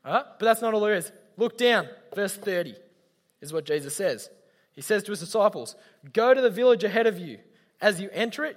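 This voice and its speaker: A man's voice: sits high, animated, brisk. A young man giving a chatty, slangy youth talk, speaking straight to his listeners. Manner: chatty, slangy, addresses audience directly. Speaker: youth leader. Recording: long hall reverb.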